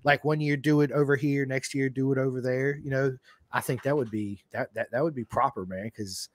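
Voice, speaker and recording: A man's voice: mid-range voice, fairly even intonation, brisk. A man from the United States hosting a casual podcast, enthusiastic and slangy, often repeating his words. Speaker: podcast host.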